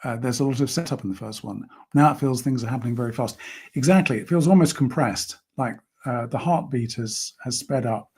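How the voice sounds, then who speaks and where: Measured man, dark husky voice. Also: medium pitch. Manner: measured, thoughtful, reads out viewer comments. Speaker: host. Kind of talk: live-stream discussion.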